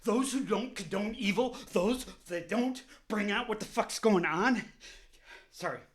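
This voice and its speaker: Angry ranting man with a high voice. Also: measured pace. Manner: heated, profane, repetitive ranting. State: openly angry. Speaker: vlogger. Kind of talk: angry political rant to camera.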